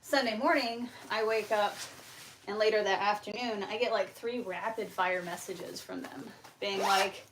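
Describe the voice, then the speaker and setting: A young woman hosting a homestead livestream, telling a story in a casual, animated way, swearing and acting out the exchanges. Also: mid-range voice, unhurried, a little hiss or hum. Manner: animated, profane, acts out quoted exchanges. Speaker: homestead channel host.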